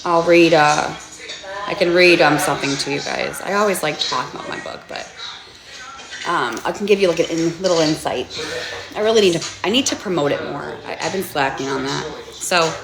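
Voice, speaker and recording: A woman chatting casually on a livestream about the book she wrote, hesitant, with many pauses and restarts. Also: deep voice, gravelly, echoey room, low-quality recording. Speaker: author promoting her own book.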